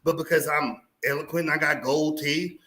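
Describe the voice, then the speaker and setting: A man with a Texas accent talking in a casual chat, telling profane, animated stories as a podcast host. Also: a little high, normal speed. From Houston, Texas. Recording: roomy echo.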